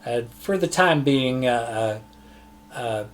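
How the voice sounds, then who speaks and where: A man running an online tabletop game as game master, talking in a loose, relaxed way with lots of fillers and restarts. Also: mid-range voice, slow, slight background noise. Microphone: online session mic.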